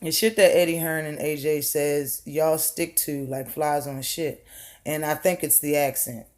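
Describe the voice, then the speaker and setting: A woman vlogger delivers a heated, blunt opinion rant, swearing freely, throwing out rhetorical questions and repeating words for emphasis. Her voice is low and slightly mellow, with fairly even intonation and a measured pace.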